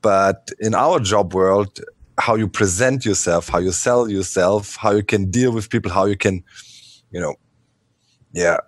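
A man's voice: on the low side, unhurried, dry recording. A man on a casual podcast, giving a thoughtful answer to a listener question. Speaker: podcast co-host.

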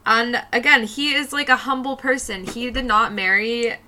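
A woman's voice: on the high side, steady tone, normal speed, pushed and bright, slight background noise. A young woman co-hosting a podcast in a casual, giggly, laid-back chat, swearing now and then. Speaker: podcast co-host.

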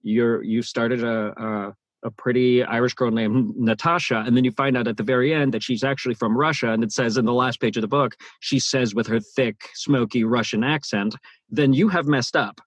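Husky-voiced man, chatty audiobook narrator. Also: mid-range voice, moderate pace, no room sound. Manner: animated, many restarts and repeated words. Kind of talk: interview conversation.

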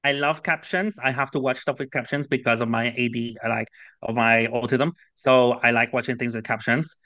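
A man's voice: medium pitch, fairly even intonation, normal speed, sharp tone, no echo. A man appearing as a podcast guest from home on a video call, chatting bluntly and casually. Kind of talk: casual chat.

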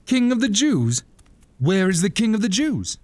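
A king unraveling into madness, his voice leaping wildly between shouts and mutters. It sits a little high and close in a dry space. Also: big pitch swings, unhurried, no room sound, full character voice. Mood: manic. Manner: erratic, shouting, manic. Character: paranoid raging middle-aged king. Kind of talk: audio drama acting.

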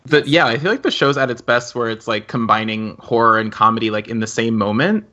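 A bright, forceful-toned man talks in a relaxed fan chat, wry and full of halting fillers. His voice comes through a dull, lo-fi recording. He riffs along with the others as a co-host. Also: medium pitch. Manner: chatty, halting with many "like"s, wry.

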